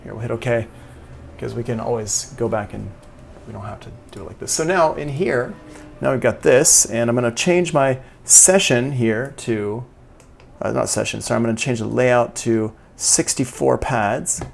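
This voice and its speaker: A man teaching music production software in a casual, chatty live-streamed tutorial, talking through each step as he demonstrates it. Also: medium pitch, normal speed, creaky.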